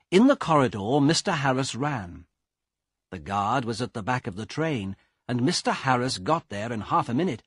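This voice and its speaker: A man narrating a storybook for learners in a slow, clear, expressive reading. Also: mid-range voice, no room sound, studio quality. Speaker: audiobook narrator.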